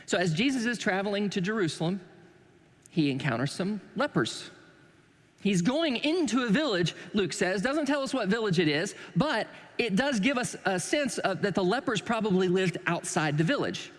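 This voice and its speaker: A pastor preaching in a loose, joking way, with high pitch for a man. His voice carries a long reverb from a church sanctuary. He slips in wry asides about himself. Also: expressive, moderate pace. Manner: conversational and joking, with self-deprecating asides. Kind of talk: sermon.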